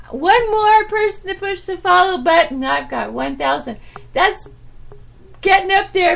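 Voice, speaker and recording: A woman with a high, creaky, fairly bright voice hosts her own podcast solo. She chats casually and rambles, using lots of fillers and letting thoughts trail off.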